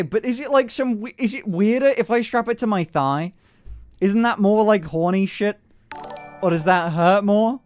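A man's voice: on the high side, a little mellow. A young man streaming live, casually chatting, flustered and stammering with nervous laughs.

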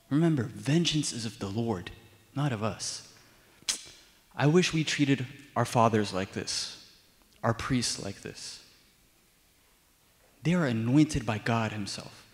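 A man's voice: mid-range voice, expressive, slow, pauses often. A young male deacon preaching a sermon in a casual, storytelling way with lots of fillers, recorded in a church sanctuary with long reverb.

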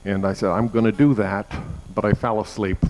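A male pastor preaching a sermon, with steady, conversational stretches that climb into loud, emphatic peaks. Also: a little fast, slight background noise, poor audio. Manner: builds to loud, high emphatic peaks, with frequent uh fillers.

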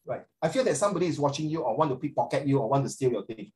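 A middle-aged man with a Singaporean accent, tutoring a class online, animated and calling on students by name. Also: mid-range voice, racing. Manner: animated, code-switching, questions students by name.

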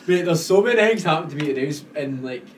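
A Scottish man co-hosting a podcast, telling stories in animated, sweary casual chat and quoting himself a lot. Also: a little high, quick pace. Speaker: podcast co-host. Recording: distant mic with background noise.

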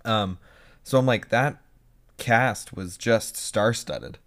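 A young man co-hosting a podcast, chatting casually and telling animated stories. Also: on the low side. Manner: animated storyteller, quick bursts and impressions. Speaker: podcast co-host. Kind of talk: casual chat.

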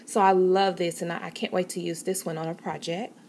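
A woman's voice: on the low side, flat delivery, brisk, a little mellow, slight background noise. Chatty woman showing off crafts. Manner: chatty, many fillers, addresses viewers as guys. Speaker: papercraft vlogger. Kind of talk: casual show-and-tell craft video.

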